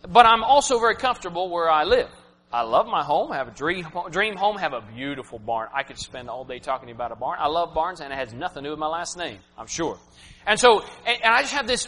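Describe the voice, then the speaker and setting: A man in his thirties preaching a personal, emotional sermon, swinging from loud to hushed. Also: high voice. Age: 30s. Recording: reverberant hall, faint hum.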